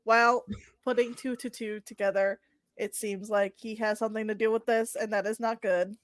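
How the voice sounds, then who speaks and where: A woman's voice: fairly high pitch, fairly even intonation, no room sound. A woman playing a superhero in a tabletop game, quipping playfully and laughing. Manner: playful, quick quips, laughs. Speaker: player. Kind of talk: casual tabletop role-play.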